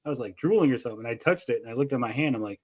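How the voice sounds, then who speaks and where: A man's voice: medium pitch, animated, rapid-fire. A man co-hosting a casual podcast chat, telling stories animatedly and swearing freely. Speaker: podcast co-host.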